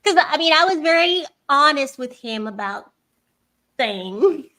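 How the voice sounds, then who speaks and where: A woman in a casual chat, talking in an unhurried way and acting out quoted voices. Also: sits high, animated, bright, forceful tone. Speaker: podcast co-host.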